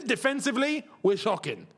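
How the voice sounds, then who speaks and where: A young man hosting a live football watchalong, reacting with frustration and bursts of excitement. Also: very high-pitched, unhurried, breathy edge. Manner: frustrated, animated, swings between muttering and shouting. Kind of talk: live match watchalong commentary.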